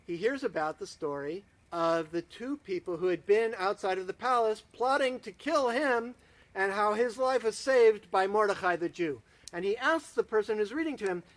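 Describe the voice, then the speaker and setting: A man, a rabbi, telling a story to students in a dramatic, expressive way. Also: sits high.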